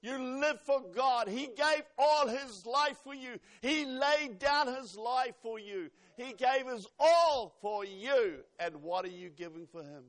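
A man preaching a fervent sermon to a congregation, swinging between loud exhortation and hushed asides. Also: very high voice, lively intonation, takes it slowly, few pauses.

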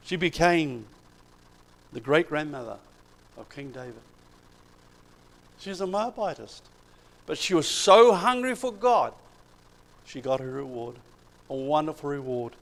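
Male preacher, slightly high, gravelly voice, animated sermon delivery. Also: a little slow, pauses often, rough recording. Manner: retells Bible stories with animated emphasis.

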